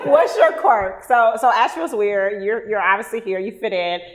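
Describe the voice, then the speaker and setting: A woman from Birmingham with a Southern accent, co-hosting a talk show and acting out quotes lively. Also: medium pitch, normal speed. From Birmingham, Alabama. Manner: animated, acts out quotes in bright voices. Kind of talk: casual chat.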